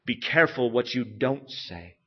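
A man's voice: medium pitch, expressive, moderate pace, husky, muffled recording. A man voicing a bold male reformer who speaks firm words of courage. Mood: resolute. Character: bold male reformer preacher facing death.

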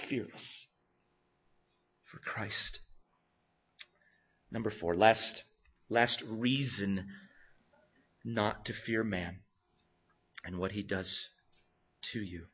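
A man preaching a sermon with animated delivery and rhetorical questions, moving between loud emphasis and hushed, intense lines. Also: fairly low pitch, breathy edge. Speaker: pastor. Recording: dull lo-fi recording.

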